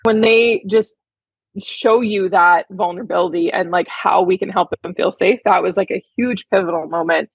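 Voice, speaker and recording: Chatty husky-voiced woman telling a story. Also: on the low side, steady tone, moderate pace, dry recording, lo-fi sound. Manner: chatty, heartfelt, many "like" fillers. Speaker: podcast guest, horse trainer. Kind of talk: casual storytelling interview.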